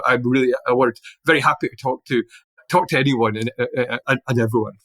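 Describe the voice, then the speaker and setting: A middle-aged man with a Glaswegian accent, a podcast guest telling animated anecdotes in casual conversation with many restarts. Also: mid-range voice, rapid-fire, no room sound. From Scotland.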